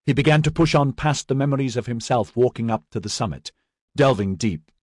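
A man reads a fantasy novel aloud with lively, swinging intonation and a husky grain. The recording is dry and close, with no room sound. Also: mid-range voice, brisk, dry recording. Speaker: audiobook narrator. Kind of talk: scripted narration.

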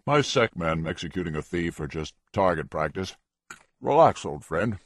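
A man's voice: sits low, animated, moderate pace, no room sound, studio quality. A man narrating an audiobook, voicing a smug, languid male villain warlord with an arrogant drawl. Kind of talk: audiobook character voice.

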